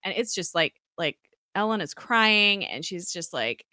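A woman casually recapping a TV episode as a podcast co-host, animated and laughing often as she acts out the characters' lines. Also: medium pitch, measured pace, no echo. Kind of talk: casual chat.

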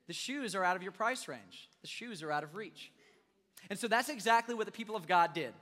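A young man preaching a sermon, animated and joking with the crowd as he acts out scenes. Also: sits high, fairly quick. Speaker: youth pastor. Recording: long reverb of a large hall.

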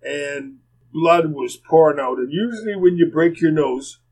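A man's voice: a little high, measured pace, darkish tone, low-quality recording. An older man, a former hockey player rambling through plainspoken anecdotes as a podcast guest. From Canada. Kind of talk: casual storytelling.

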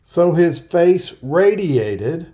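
A man preaching an earnest verse-by-verse sermon, explaining scripture and reading passages aloud slowly. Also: on the high side, very animated, mellow. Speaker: pastor. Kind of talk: Bible-teaching sermon.

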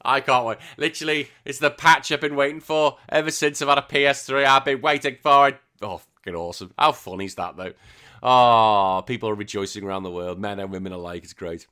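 A young man hosting a casual gaming news podcast, excitable and swearing freely, often trailing off into quiet asides. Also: medium pitch, fairly quick, smooth. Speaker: podcast host.

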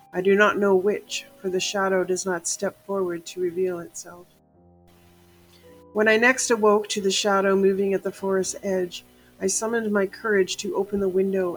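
A woman narrating a gothic horror story in a measured, somber first-person telling. Her voice sits low and barely rises or falls. Faint music plays underneath. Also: rough recording.

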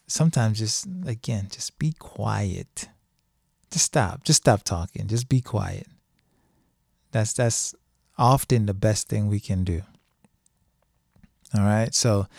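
A middle-aged man talks at an unhurried, deliberate pace, his voice warm and mellow. He speaks casually but firmly, leaning on repeated phrases to drive points home. The sound is dry and close, with no room echo. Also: medium pitch. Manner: conversational, emphatic, repeats phrases for stress. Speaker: podcast host speaking on divorce and grief. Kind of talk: casual monologue.

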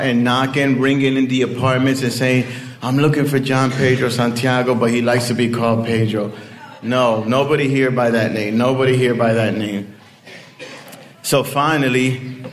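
Slow-talking man telling a story. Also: mid-range voice. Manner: conversational, rambling with many "you know" fillers. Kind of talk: personal storytelling.

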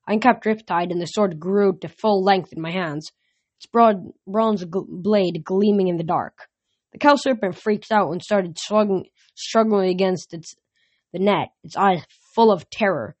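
A woman reads a first-person adventure novel aloud at a moderate pitch. Her delivery is unpolished, with frequent restarts and corrected words. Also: moderate pace.

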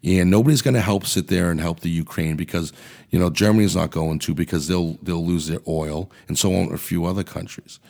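A man's voice: low-pitched, a little fast, vocal fry, warm tone. A man hosting a podcast, delivering an angry, profane political rant in a blunt way. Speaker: podcast host. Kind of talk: ranting political commentary.

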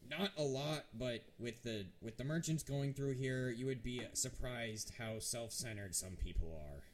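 A man's voice: mid-range voice, a little slow, slight background noise, lightly acted. A man voicing a blunt, exasperated male town sheriff in a tabletop game. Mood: gruff.

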